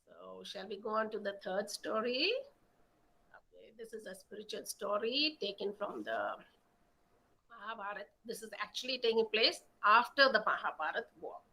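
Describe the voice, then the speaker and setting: A woman telling stories aloud in an expressive, dramatic way. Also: mid-range voice, gravelly, low-quality recording. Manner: expressive, slow, dramatic storytelling. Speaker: storyteller. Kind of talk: animated oral storytelling.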